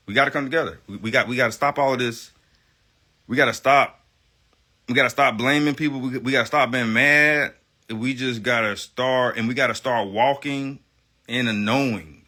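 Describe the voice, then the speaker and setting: Forceful, emphatic man ranting on livestream. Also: mid-range voice. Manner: emphatic and profane, repeats phrases for stress; defiant, self-assured. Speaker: livestream guest. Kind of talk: heated livestream rant.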